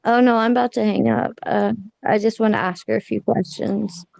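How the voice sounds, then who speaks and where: Soft-spoken woman hosting a call-in. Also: mid-range voice, fairly even intonation, normal speed, creaky, no echo. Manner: sweet-talking, hesitant with ums. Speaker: livestream host asking questions. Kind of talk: casual chat.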